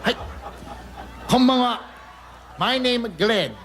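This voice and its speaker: A man on a live stage playing a polite male news reporter, speaking in halting, stiffly polite broken English. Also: very high-pitched, animated, a crowd in the background, background noise, pitched above the performer's own voice, exaggerated voice.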